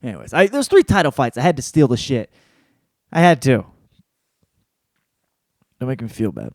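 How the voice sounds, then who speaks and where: A young man hosting a podcast, giving a rambling, profane, animated solo recap of fights in casual chat. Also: mid-range voice, no echo, studio quality. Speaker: podcast host.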